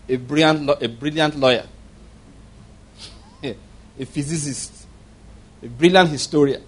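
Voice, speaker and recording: A middle-aged man preaching a sermon with passion, asking the congregation rhetorical questions and breaking into laughter. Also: on the high side. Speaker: pastor.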